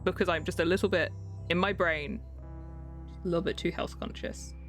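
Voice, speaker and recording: A woman's voice: on the low side, brisk, faint music behind. A young English woman streaming a game, chatting casually, rambling and giggling between thoughts. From England. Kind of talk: casual live-stream chat.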